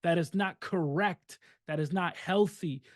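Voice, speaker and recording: Male podcast co-host, high voice, dry close sound, earnest and repetitive. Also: a little slow, no echo. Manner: earnest, repetitive emphatic phrasing. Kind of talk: casual podcast discussion.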